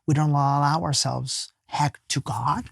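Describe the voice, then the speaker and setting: A man, a life coach appearing as a podcast guest, telling a personal story in an earnest, emphatic way and sometimes dropping to a soft hush. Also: on the high side, steady tone, unhurried, creaky, slightly rough, no echo, studio quality. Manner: casual speech with many fillers and restarts.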